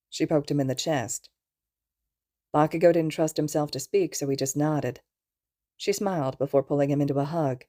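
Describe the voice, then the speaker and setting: A woman reading a fan fiction audiobook aloud in a calm, even storytelling manner. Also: low voice, normal speed. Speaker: podfic reader.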